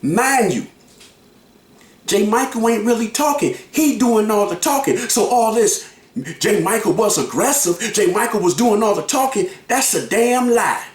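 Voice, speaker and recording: Man, heated commentary, animated pitch, repeats himself, echoey room. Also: normal speed. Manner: emphatic, repeats himself, acts out quotes. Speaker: commentator reacting to a clip.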